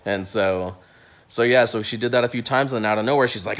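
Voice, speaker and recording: Lively man telling a story. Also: fairly low pitch, brisk. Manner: animated, acts out quotes, many restarts and fillers. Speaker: dentist. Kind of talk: casual storytelling.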